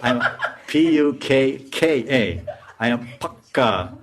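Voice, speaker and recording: A man's voice: medium pitch, expressive, slow pace, voice pushed up. A man doing a sly, falsely humble priest. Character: god disguised as humble, sly young male priest. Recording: echoey room with background noise.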